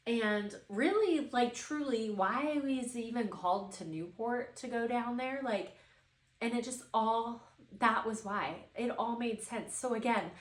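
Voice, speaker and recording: A woman's voice: fairly high pitch, a little slow. A woman in her thirties hosting a podcast, telling a personal story in an emotional, heartfelt way with many fillers. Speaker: podcast host. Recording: echoey room.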